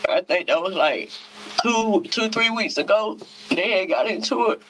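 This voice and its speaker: A woman's voice: mid-range voice, normal speed, a bit bright, slight background noise, rough recording. A woman being interviewed as a witness, answering hesitantly and repeating herself. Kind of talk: police interview.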